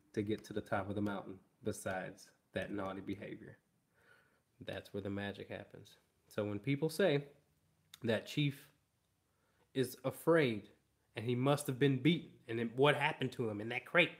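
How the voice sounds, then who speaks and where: A man working as a dog trainer, explaining training in an emphatic way and repeating key phrases. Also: lowish voice. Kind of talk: instructional explanation.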